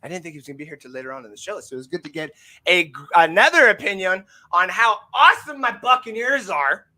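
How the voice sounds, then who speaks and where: A man's voice: high-pitched, animated, quick pace, bright, forceful tone, rough recording. A man hosting a casual sports podcast, rambling and self-deprecating, laughing often. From Canada. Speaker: host.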